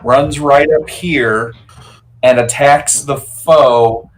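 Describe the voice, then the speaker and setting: A man's voice: medium pitch, fairly even intonation, very slow, low-quality recording. A man playing a tabletop game, describing his actions playfully. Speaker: player. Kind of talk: casual tabletop play.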